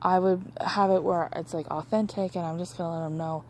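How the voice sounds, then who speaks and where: A woman's voice: lowish voice, fairly even intonation, brisk, few pauses, darkish tone, slight background noise. A young woman, a massage therapist, casually chatting about her week with lots of fillers and restarts. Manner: rambling, many fillers and restarts. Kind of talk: casual chat.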